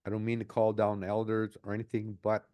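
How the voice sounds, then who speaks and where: A man's voice: on the low side, completely flat delivery, fairly quick, mellow. A man in his late sixties talking earnestly in an interview as a community advocate, often repeating his phrases. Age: 60s. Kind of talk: reflective interview talk.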